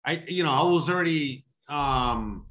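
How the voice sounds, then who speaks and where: A man telling a story in casual chat. He rambles, swears a lot, keeps saying "you know what I mean", and acts out heated quotes with sudden loud, high bursts. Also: a little slow. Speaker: expat services provider telling a story.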